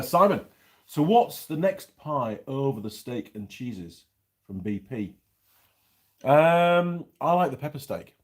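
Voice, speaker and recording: A middle-aged man talks in a loose, rambling way as he hosts a casual food vlog. His pitch bounces up and down a lot as he reads out viewer comments between bites. He sounds like he is close to the camera's mic. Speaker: channel host reviewing pies. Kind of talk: casual live-chat vlog.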